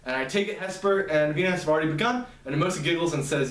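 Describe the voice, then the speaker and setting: A man's voice: on the high side, fast, few pauses, a bit bright. A man casually recapping a story, rambling and self-amused, full of fillers and side comments. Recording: echoey room, mic at a distance.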